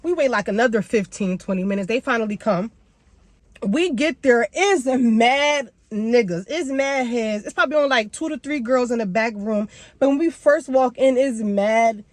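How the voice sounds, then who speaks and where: A young woman vlogger telling a story casually, animated and slangy, with big jumps in pitch. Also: normal speed, dry recording.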